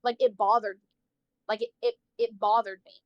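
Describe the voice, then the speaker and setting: A woman's voice: fairly high pitch, flat delivery, moderate pace, dry recording, dull audio. A woman livestreamer telling a personal story in casual chat, saying "like" a lot, swearing freely and acting out the people she quotes.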